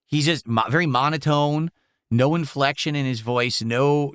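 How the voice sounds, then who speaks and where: A man's voice: medium pitch, moderate pace, fairly bright tone, clear, resonant tone, no echo. A man streaming live, giving casual reaction commentary in an incredulous, exclaiming way.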